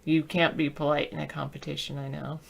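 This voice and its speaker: A woman's voice: low voice, level tone, fairly quick, vocal fry. A woman from the Southern United States chatting casually on a video call, telling rambling stories and spelling words out letter by letter. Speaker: video chat participant. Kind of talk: casual chat.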